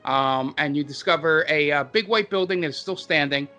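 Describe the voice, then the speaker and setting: A man narrates a tabletop game as game master in a fairly high, bright voice. He stops often with ums and uhs as he goes. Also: faint music behind. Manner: halting, with many ums and uhs.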